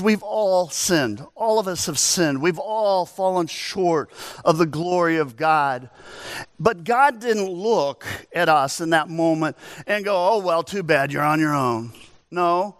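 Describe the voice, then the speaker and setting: A man preaching a sermon as pastor, animated, telling stories and asking rhetorical questions. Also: on the high side, clean tone, dry recording.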